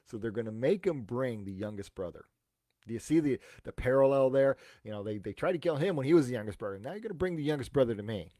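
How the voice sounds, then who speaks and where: Chatty pastor, dry close sound. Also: male voice, mid-range voice, lively intonation, quick pace, mellow, no echo. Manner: conversational, retells scripture with chatty asides. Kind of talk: casual Bible teaching.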